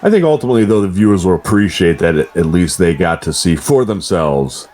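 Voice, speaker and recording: A man's voice: deep voice, expressive, brisk, darkish tone. A man co-hosting a casual game commentary, speaking hesitantly with many fillers. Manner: hesitant, fumbling, filler-heavy. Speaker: co-host.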